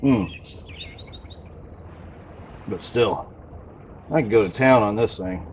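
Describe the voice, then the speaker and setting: A man's voice: fairly low pitch, takes it slowly, highs cut off, slight background noise. Man talking with his mouth full. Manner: relaxed, eating while talking. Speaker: channel host. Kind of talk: casual vlog.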